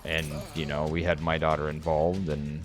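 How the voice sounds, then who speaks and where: A man's voice: a bass voice, flat delivery, moderate pace, loud music behind the voice. A man in his thirties chatting on a live game stream, earnest and openly emotional, rambling as he talks to his viewers. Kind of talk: casual live-stream chat.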